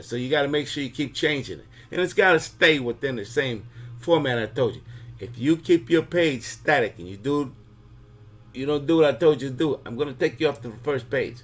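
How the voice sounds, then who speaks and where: A man's voice: fairly high pitch, voice pushed up. Demanding mob-boss godfather who issues threats, done by a man in a comic explainer. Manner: commanding, repeats orders, threatens.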